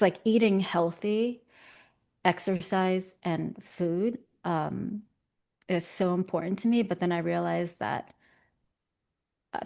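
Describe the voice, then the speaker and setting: Interview guest: young woman, low voice with a gravelly edge, chatty and self-mocking. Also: darkish tone. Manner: chatty and self-deprecating, laughing often. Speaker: interview guest, visual development artist. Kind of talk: casual conversation.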